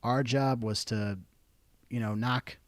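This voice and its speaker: A man's voice: mid-range voice, steady tone, takes it slowly, no room sound. A young man, a podcast guest and army veteran, telling stories casually and profanely, acting out quotes. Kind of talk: casual storytelling.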